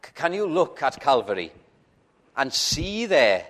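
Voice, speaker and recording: A man with a fairly high, fairly bright voice and big pitch swings preaches an evangelical sermon a little slowly. He pleads with listeners through questions, stammers on his opening words, and builds to fervent peaks.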